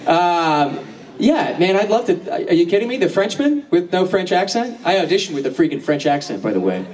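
A man's voice: sits high, very animated, normal speed, a little mellow. A man answering fan questions on a convention panel, laughing often and swearing freely as he tells stories. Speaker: voice actor guest at a convention panel. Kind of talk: casual convention Q&A, profane and joking. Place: large convention hall with audience. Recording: distant mic in crowded hall.

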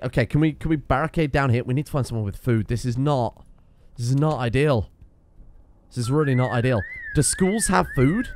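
A young man giving casual let's-play commentary, excitable, swearing and shouting at his teammates. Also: medium pitch, a little hiss or hum. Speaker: gaming video host.

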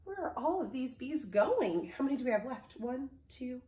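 Woman music teacher for young kids; gentle and animated, high pitch, slow pace, echoey room at home. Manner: gentle and animated, asks children questions. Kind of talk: children's music lesson and story reading.

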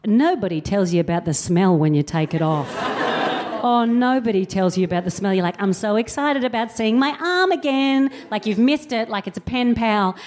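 A woman's voice: mid-range voice, animated, normal speed, darkish tone. A woman telling a self-mocking comic story on stage, acting out the voices of the people in it. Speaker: co-host comedian. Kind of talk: live stand-up storytelling. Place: live venue with audience.

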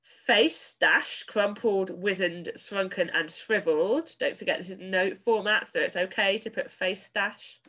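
Woman teacher, expressive storybook reading, online lesson, mid-range voice. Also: medium pitch, a little slow. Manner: expressive storytelling, then clear instruction. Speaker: primary school teacher.

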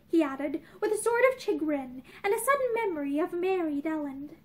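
A woman's voice: very high-pitched, animated, moderate pace, few pauses. A young woman reading a novel aloud expressively, with small restarts, in a room with bookshelves. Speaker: reader of a novel.

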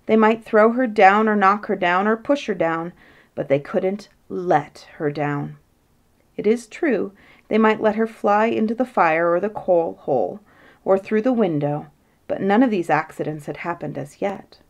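A woman's voice: medium pitch, a little slow. Woman reading a bedtime story.

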